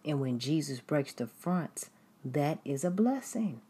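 A woman's voice: deep voice, expressive, a little slow, mellow, husky. A woman preaching a sermon in an emphatic, repetitive way, now and then mimicking critics in a raised voice.

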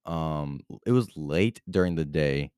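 A man's voice: very deep voice, animated, measured pace, a little mellow, clean tone, no room sound, studio quality. A young man hosting his own podcast, telling stories in a rambling, casual way full of filler words and swearing. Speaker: podcast host. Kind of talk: casual storytelling.

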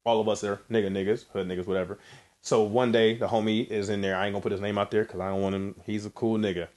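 A man co-hosting a podcast in casual chat, blunt and profane, jumping in with quick reactions. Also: lowish voice, darkish tone. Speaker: podcast co-host.

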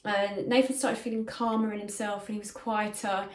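A woman's voice: mid-range voice, flat delivery, normal speed. A middle-aged woman, earnestly telling a personal story as a spiritual medium in a casual, conversational way, recorded in a bedroom at home. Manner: earnest, conversational, with frequent fillers. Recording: echoey room.

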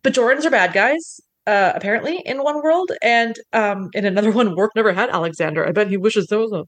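A woman's voice: mid-range voice, fairly quick. Chatty woman recapping an episode. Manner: playful, chatty, many fillers. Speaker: podcast co-host. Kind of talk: casual chat recapping an episode. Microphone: video call.

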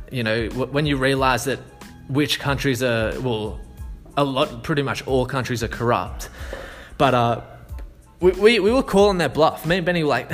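A man's voice: medium pitch, moderate pace, soft background music. A man telling a story in a loose, rambling way, swearing freely, with many fillers and restarts. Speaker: sales consultant. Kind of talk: casual storytelling.

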